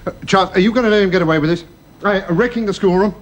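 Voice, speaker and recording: An actor playing a gentle, anxious middle-aged father who soothes with hesitant restarts in a radio drama. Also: high-pitched, rapid-fire, lightly acted. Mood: worried.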